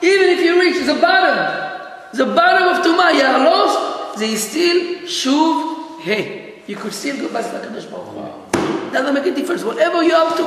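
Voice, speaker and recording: Male rabbi, animated teacher, very high voice, echoey room. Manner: animated, laughs often, questions the audience. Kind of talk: lively Torah lesson. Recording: echoey hall.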